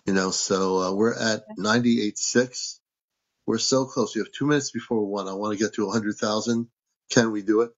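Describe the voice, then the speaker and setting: A man's voice: lowish voice, steady tone, normal speed, highs cut off. A man hosting a casual livestream from home, reading out viewer comments and thanking people for gifts. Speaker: livestream host.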